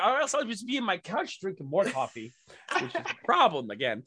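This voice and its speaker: A young man telling excited, profane stories as a podcast guest, laughing often. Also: high voice, brisk, slightly rough. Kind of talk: casual storytelling.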